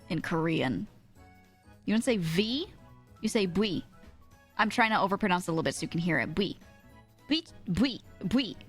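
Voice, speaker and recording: A young woman streamer chatting casually, laughing often and mimicking how others pronounce words. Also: lowish voice. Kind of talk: casual chat.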